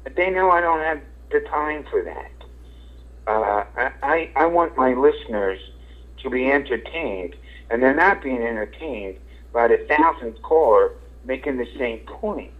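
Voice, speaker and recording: With an animated, mid-range voice and a slightly slow delivery, this Philadelphia-born comedian and radio host, middle-aged, rambles openly through an interview, full of fillers and offhand swearing. The audio sounds tinny, like radio over a phone.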